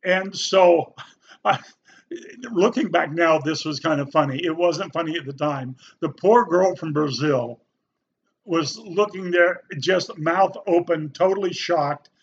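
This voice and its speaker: A man's voice: a little high, measured pace. A middle-aged man, a former youth pastor, telling a personal story in an earnest, folksy way. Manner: folksy, earnest, animated when quoting people. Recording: slightly dull, faint background noise.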